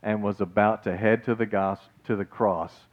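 A man preaching a sermon in a casual, animated way, calling his listeners guys and folks, swinging between loud and soft. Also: on the low side, normal speed, lo-fi sound. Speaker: pastor.

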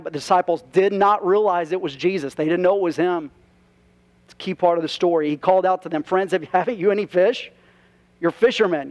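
Male pastor, high-pitched, conversational sermon delivery with rhetorical questions. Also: darkish tone, muffled recording. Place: church.

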